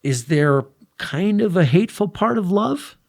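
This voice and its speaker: A man's voice: high voice, measured pace, gravelly. Man telling a story in casual talk. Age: young adult. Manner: animated storytelling, drifts soft and hushed at tense moments. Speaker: podcast guest. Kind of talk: casual conversation.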